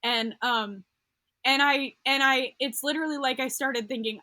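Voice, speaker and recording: A young woman tells her story as a podcast guest, looping back through fillers and restarts. Her voice is bright and a bit high. The recording is dry and close. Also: steady tone, normal speed, no room sound. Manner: rambling, full of fillers and restarts. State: getting emotional. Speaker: podcast guest, occupational therapist. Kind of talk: casual interview storytelling.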